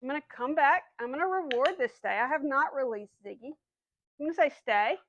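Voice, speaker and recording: A woman's voice: high-pitched, brisk, fairly bright tone, no room sound, dull audio. A woman dog trainer patiently explaining commands step by step, then giving the dog short firm cues. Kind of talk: instructional dog training demo.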